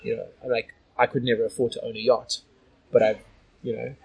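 A man's voice: medium pitch, little pitch movement, fairly quick, gravelly, darkish tone, slightly rough, rough recording. A man from Australia telling stories as a guest in a casual interview, rambling with lots of "like" and "you know".

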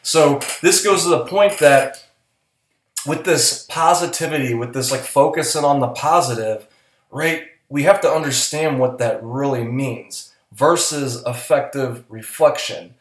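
A man's voice: medium pitch, measured pace, roomy sound. A man co-hosting a casual podcast, talking in an earnest, coaching way and speaking bluntly, with the odd swear word. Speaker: podcast co-host.

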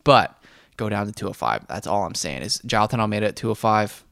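A young man co-hosting a casual sports podcast, rambling and animated, talking straight at the fighters he discusses. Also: on the low side, brisk, gravelly, no echo, studio quality. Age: young adult. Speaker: podcast co-host.

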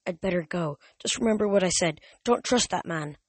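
A man's voice: high voice, brisk, slightly rough, no echo. A man voicing a nervous young female tree spirit in a storybook reading, hesitant and uneasy. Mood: worried.

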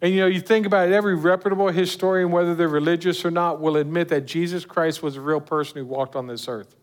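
A man's voice: fairly high pitch, fairly even intonation, fast talker. A man preaching a sermon earnestly, putting direct questions to his listeners. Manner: earnest, rising and falling with emphasis, asking the listeners direct questions.

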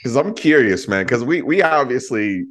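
Excitable man, casual podcast talk, mid pitch, laid-back swearing. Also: moderate pace. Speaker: podcast co-host. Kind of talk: casual film discussion.

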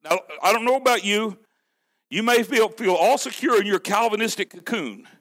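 A male preacher with a high, forceful voice delivers a sermon. He keeps asking the congregation questions, then drops his voice low and quiet to press a point. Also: moderate pace. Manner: emphatic, with rhetorical questions to the congregation.

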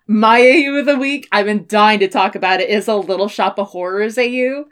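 A woman's voice: mid-range voice, a little fast, smooth. Laughing young woman, casual swearing. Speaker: podcast co-host. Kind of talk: casual chat.

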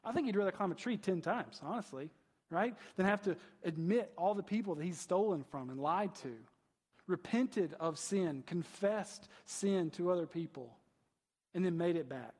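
Casting: male pastor, fairly high husky voice, casual chatty sermon, long reverb of a big hall. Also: expressive, normal speed, a little mellow. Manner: conversational preaching, asks rhetorical questions, frequent "right?".

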